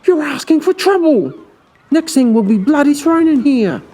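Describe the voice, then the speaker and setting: A woman voicing a fearless, wry young man who scolds in a hushed voice. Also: low-pitched, steady tone, moderate pace. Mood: scolding. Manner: hissing through teeth, scolding.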